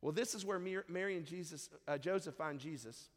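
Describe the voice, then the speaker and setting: A man's voice: fairly high pitch, brisk, in a large hall. A man preaching a sermon in a conversational way, reading scripture and briefly acting out the people in the story. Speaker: pastor.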